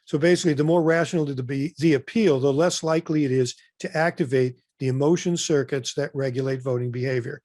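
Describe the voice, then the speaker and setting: A man's voice: mid-range voice, a little mellow, no room sound. A man presenting an informal webinar training, talking loosely with many fillers and restarts.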